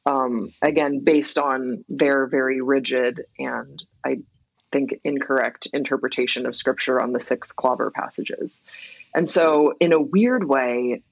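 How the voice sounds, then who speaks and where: Gravelly-voiced woman guest, reflective. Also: very deep voice, fairly even intonation, unhurried, dry recording, muffled recording. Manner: reflective, filler-heavy, frequent laughs. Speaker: guest songwriter. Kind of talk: candid interview conversation.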